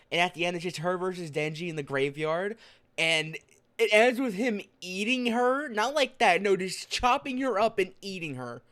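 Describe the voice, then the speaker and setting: A young man with a somewhat high voice talks in a loose, tired ramble, with a slight lisp from a bitten, burnt tongue. He gushes with enthusiasm, stumbling through fillers and restarts as he chats to his audience like a streamer. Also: a bit bright, smooth. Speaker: streamer vlogger. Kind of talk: casual rambling talk.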